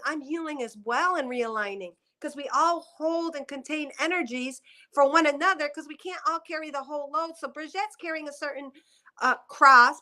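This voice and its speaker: Speaking into a headset mic, a woman gives a spiritual psychic reading, rambling through her impressions. Her voice is high-pitched and sharp, and she is emotional and tearful.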